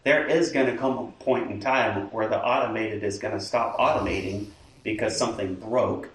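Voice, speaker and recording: A man's voice: on the low side, normal speed. A man who is a lead pastor talking casually and acting out the things people tell themselves. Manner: lively, acts out quoted inner talk, laughs often. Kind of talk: casual chat. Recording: roomy sound from a distant mic.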